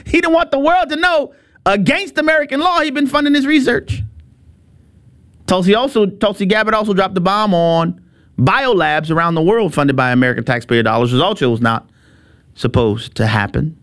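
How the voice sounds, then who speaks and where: Give me a high-voiced middle-aged man hosting an emphatic commentary show. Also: normal speed, a bit bright. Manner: emphatic, repeats himself, chuckles. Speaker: show host. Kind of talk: opinionated commentary monologue.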